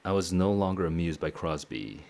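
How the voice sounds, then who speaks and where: A man streaming a casual read-aloud of a novel, thinking out loud between passages and chuckling often. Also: sits low, lively intonation, moderate pace, creaky. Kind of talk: casual reading and reacting.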